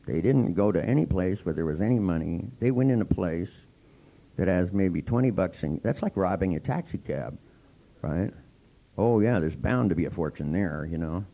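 A man's voice: sits low, moderate pace, creaky, poor audio. A man giving a seminar, telling comic stories about clients and acting out each voice with wry timing. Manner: wry, animated, acts out every voice. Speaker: seminar speaker and therapist. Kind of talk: comic storytelling lecture.

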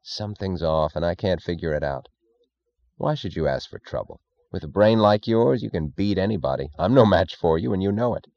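A man's voice: sits low, animated, fairly quick, creaky, a little mellow, no room sound, lo-fi sound. A man voicing a blustering, anxious political boss in an audiobook, defensive and flustered. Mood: helpless. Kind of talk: audiobook character voice.

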